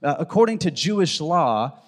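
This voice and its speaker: A man preaching a sermon, reading a long scripture passage aloud with lively storytelling and asides to the congregation. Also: on the high side, moderate pace. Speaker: pastor. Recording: long hall reverb.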